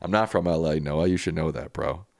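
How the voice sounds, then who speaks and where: Speaking a little fast with vocal fry, a very low-voiced man hosts a live stream. He reads out comments from viewers and replies plainly and casually, recorded dry and close without any room echo.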